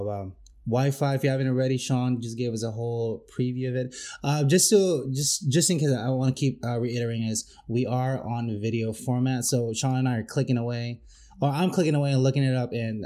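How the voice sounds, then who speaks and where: A man's voice: medium pitch, a little fast, warm tone. A man co-hosting a casual podcast, enthusiastic and jokey, reacting and telling stories. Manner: enthusiastic, jokey, acts out quotes. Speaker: podcast co-host.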